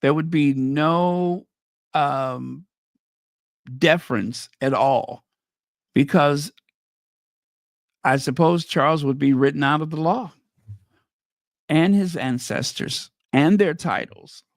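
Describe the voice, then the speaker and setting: A man's voice: on the high side, slow, creaky, pauses often, no echo, clean studio sound. A man hosting a commentary channel, reading news headlines aloud and reacting to them with casual, opinionated asides.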